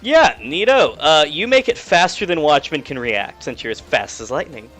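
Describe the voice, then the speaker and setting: A man's voice: a little high, big pitch swings, normal speed, fairly bright tone, soft background music. A man narrating a tabletop role-playing session as game master, rambling with many fillers. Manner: rambling, filler-heavy, playful.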